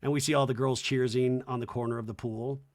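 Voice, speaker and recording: A man hosting a podcast, casually recapping a reality show in a joking tone, often dropping into low mocking voices to quote people. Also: little pitch movement, fast talker, a little mellow. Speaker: podcast host.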